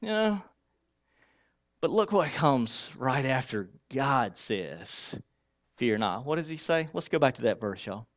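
A male pastor preaching a sermon, conversational, asking the congregation rhetorical questions and swinging between soft and loud for emphasis. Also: mid-range voice, animated, unhurried, hardly any pauses.

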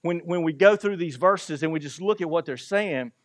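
A man's voice: on the high side, moderate pace. A male pastor giving a sermon in a conversational way, asking the congregation rhetorical questions and chuckling between points.

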